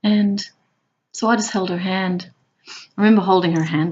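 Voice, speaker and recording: A woman who works as a hospital clown tells her stories playfully, now and then jumping into high squeals. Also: fairly even intonation, moderate pace, pauses often, dull audio, a little hiss or hum. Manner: warm, playful, bursts into high squeals when acting out clowning. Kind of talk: personal storytelling.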